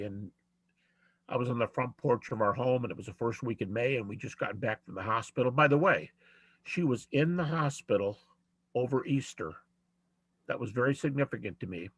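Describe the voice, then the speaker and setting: Older man, low voice, halting testimony. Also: no room sound. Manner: reflective, halting, storytelling with many "uh"s. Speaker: panelist answering audience questions. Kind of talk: personal testimony in a Q&A.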